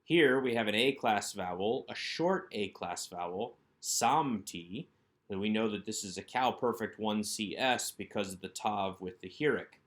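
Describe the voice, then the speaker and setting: Speaking at a normal speed with few pauses, a Hebrew instructor leads a recorded workbook lesson in a fairly low male voice. He handles every item step by step, posing each question before answering it.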